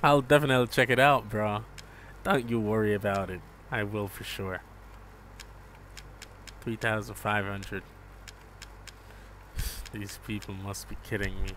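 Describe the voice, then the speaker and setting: A man giving relaxed live gameplay commentary, chatting with viewers and calling them bro. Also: on the low side, measured pace, pauses often, slight background noise. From Jamaica. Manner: laid-back, chats with viewers, calls them bro. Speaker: gaming streamer.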